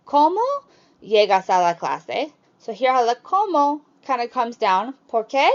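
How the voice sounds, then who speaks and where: A woman teaching a recorded Spanish grammar lesson, explaining step by step and lifting her pitch on the example questions. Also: lo-fi sound.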